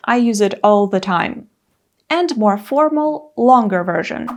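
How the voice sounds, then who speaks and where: A woman in her thirties teaching an English lesson, speaking clearly and carefully and acting out example phrases. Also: on the high side, expressive, a little slow, darkish tone.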